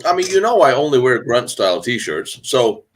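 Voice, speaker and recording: A man's voice: medium pitch, big pitch swings, normal speed. A man hosting a casual live stream, rambling and laughing as he talks, with many restarts. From United States. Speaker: host. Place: hotel room in a city.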